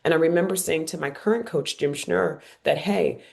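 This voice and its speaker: A woman in her forties, a guest on an interview podcast, telling her story in a lively, emphatic way and repeating phrases for effect. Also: low-pitched, normal speed, gravelly. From Cincinnati, United States. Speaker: guest, former Olympic runner.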